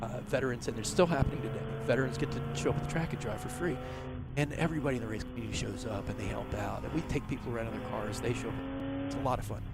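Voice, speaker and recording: Gravelly middle-aged man telling a story. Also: medium pitch, rapid-fire, heavy background noise. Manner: rambling, full of fillers and restarts. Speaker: race team owner, interview guest. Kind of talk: casual storytelling interview.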